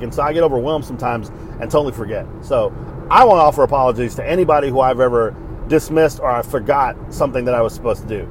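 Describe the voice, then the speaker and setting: A man's voice: medium pitch, noisy background. A middle-aged man, hosting a podcast in a blunt, profane, fired-up rant. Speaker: podcast host. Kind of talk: casual ranting monologue.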